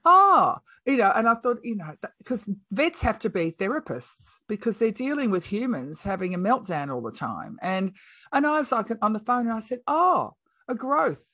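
With a mid-range voice at normal speed and no room sound, a middle-aged woman guests on a podcast. She's frank and outspoken, telling a story casually and animatedly performing the dialogue she quotes.

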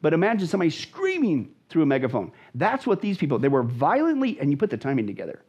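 Pastor guy preaching hard in a chat, husky voice, pitch all over the place, kinda dull lo-fi sound. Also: wildly swooping pitch, quick pace, darkish tone. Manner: emphatic, dramatic, repeats phrases for stress. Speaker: pastor, guest. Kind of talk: animated Bible teaching in conversation.

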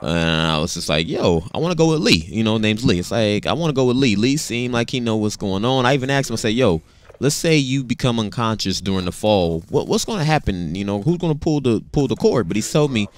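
A man in his thirties casually telling a personal story, animated and slangy, often repeating words as he talks. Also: lowish voice, a little fast.

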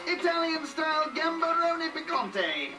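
Man, very high voice, wry narration, teasing quips, distant, music behind. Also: sing-song, a little slow. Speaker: show narrator. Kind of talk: wry scripted voice-over narration.

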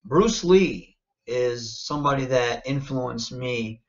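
A man from Michigan, a wrestler and interview guest, talking in an animated, confident, self-promoting way and often checking in with "you know what I mean.". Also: mid-range voice, slow pace, muffled recording. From Michigan, United States. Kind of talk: casual interview talk.

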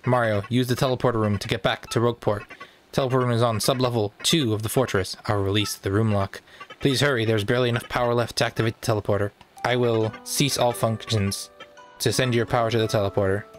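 A man's voice: mid-range voice, steady tone, fast talker, soft background music, lightly acted. Failing male computer, read by a man for a game read-along, formal and pleading. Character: dying polite male fortress computer.

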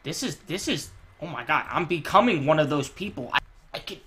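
A young man hosting a gaming channel, giving crude, jokey commentary with loud outbursts and laughter. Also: fairly high pitch, animated, moderate pace, a crowd in the background.

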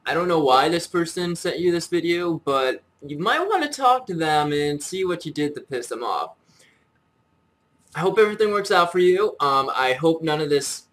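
Man, comedic insult rant, mock-angry, swearing, fairly high pitch. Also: fairly bright tone, rough recording. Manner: mock-furious, profane, ranting with sighs. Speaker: YouTuber.

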